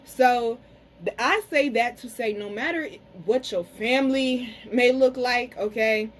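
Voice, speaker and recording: A woman's voice: on the high side, a little hiss or hum, poor audio. Chatty, salty-mouthed woman reading cards. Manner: frank, chatty, curses freely, addresses viewers as y'all; slows down to pronounce some words carefully. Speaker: tarot and spiritual reader. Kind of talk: casual card reading to camera.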